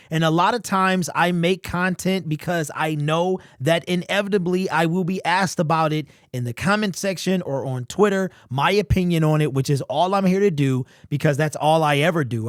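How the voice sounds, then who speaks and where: A man's voice: fairly high pitch, no room sound, studio quality. A man giving an opinionated, conversational sports commentary as a channel host, emphatic and repeating his points.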